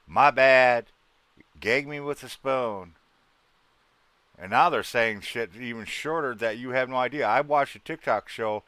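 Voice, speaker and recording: A man from Wisconsin hosting a relaxed livestream, rambling from one story to the next in a folksy, salty way. His voice sits fairly low, and the sound is dry and close. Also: dry recording. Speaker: livestream host chatting with viewers. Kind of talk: casual livestream chat.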